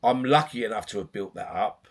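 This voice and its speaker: A middle-aged man talks through his days as a youth boxing coach in a podcast conversation. His voice is husky and sits on the low side. He tells stories in an animated, rambling way, often restarting his sentences. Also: fairly quick.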